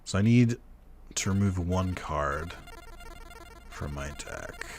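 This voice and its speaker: A young man talks through his game in a relaxed, offhand let's-play style, thinking aloud as he goes. His voice sits low, and faint game music plays quietly behind it. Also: takes it slowly. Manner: laid-back, musing aloud, chuckling. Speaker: gamer. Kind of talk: casual let's-play commentary.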